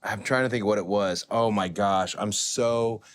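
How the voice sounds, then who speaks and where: A man hosting a casual chat podcast, telling stories with lively acted-out quotes and reading an ad. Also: on the low side, measured pace. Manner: animated storyteller, acts out quotes. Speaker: podcast host.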